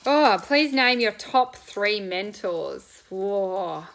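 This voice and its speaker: While eating breakfast on a coach, a woman runs a casual live Q&A, chatting in a bubbly way with quick laughs and loose, wandering answers for her viewers. Her medium-pitched voice is creaky and a bit bright, with lively intonation, on a low-quality recording.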